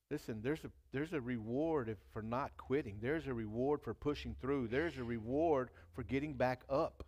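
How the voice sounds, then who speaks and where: A man's voice: medium pitch, moderate pace, hardly any pauses, darkish tone. Man preaching in a chatty style. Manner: conversational preaching, reads scripture aloud with rising emphasis. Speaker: pastor. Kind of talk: sermon. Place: church.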